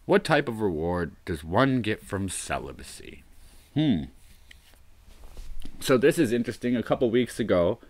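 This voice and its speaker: Deep-voiced man musing on a livestream. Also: a little mellow, no echo. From US northeast coast. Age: 30s. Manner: rambling, musing, drops to mutters. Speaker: livestream host. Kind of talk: solo livestream talk.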